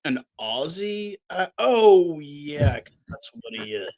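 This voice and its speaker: A man's voice: on the high side, sing-song, slow pace, darkish tone. Blunt, swearing man ranting casually. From Canada. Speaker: podcast co-host. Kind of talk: casual chat.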